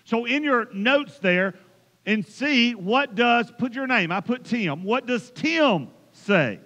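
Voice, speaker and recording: A man's voice: very high voice, expressive, slow, sharp tone. A man preaching a sermon, emphatic and building to impassioned runs. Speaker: pastor. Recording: dull sound in a reverberant church hall.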